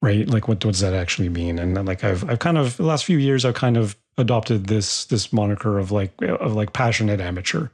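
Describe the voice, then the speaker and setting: A man's voice: on the low side, a little fast, hardly any pauses. A man hosting a songwriting podcast, chatting casually and rambling with many restarts. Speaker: podcast host. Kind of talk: casual interview chat.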